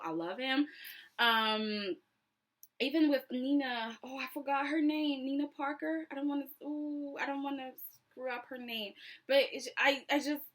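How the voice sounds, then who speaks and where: A woman chatting casually through a reality TV recap, animated and sassy, acting out what people said. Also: a little high. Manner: chatty and animated, acts out quotes with sassy asides.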